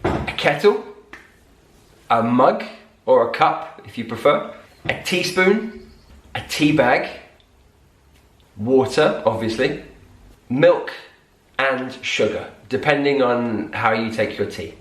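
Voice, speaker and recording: A man giving a scripted English lesson, speaking clearly and slowing down to repeat key words. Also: medium pitch, animated, fairly bright tone. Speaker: English teacher. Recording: roomy echo.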